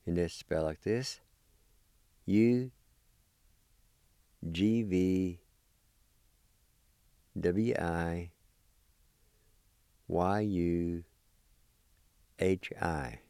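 A man's voice: low voice, extremely slow, long pauses, warm tone, clear, resonant tone, no echo, studio quality. A man teaching a language lesson, carefully spelling out and repeating words for learners.

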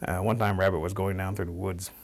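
A man telling a folktale as a storyteller, relaxed, chuckling between lines. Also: low voice, fast, vocal fry. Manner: relaxed, chuckling narration with fillers. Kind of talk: oral storytelling.

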